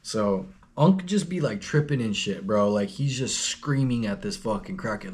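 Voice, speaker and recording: A man's voice: medium pitch, normal speed, few pauses, darkish tone. A young man telling a story in a rambling, slangy, profane, laid-back way. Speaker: vlogger. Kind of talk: casual storytelling.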